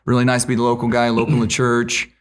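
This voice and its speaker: A middle-aged psychologist from Central Illinois with a Central Illinois accent, chatting as a podcast guest in an easygoing, self-deprecating way with lots of fillers. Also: male voice, medium pitch, completely flat delivery, fast. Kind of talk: casual conversation.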